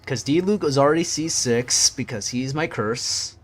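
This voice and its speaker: A man's voice: mid-range voice, animated, moderate pace, a bit bright. A man streaming a video game, chatting casually with his viewers and muttering to himself as he searches through menus. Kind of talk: casual gameplay chat.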